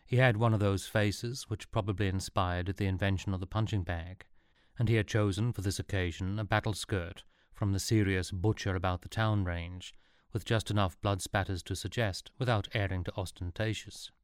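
A male narrator reads a comic adventure with dry, wry timing. His voice is low, and the recording is close and dead dry, with no room sound. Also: steady tone, moderate pace, smooth, dry recording. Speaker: audiobook narrator.

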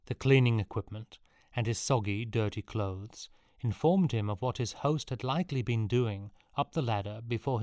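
Wry low-voiced male audiobook narrator. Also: no room sound. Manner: wry, dry comic delivery.

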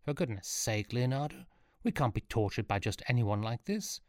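A man's voice: medium pitch, lively intonation, normal speed, a little mellow, no echo, studio quality, lightly acted. A man voicing a pompous, put-upon nobleman in a storybook reading, with an exasperated manner.

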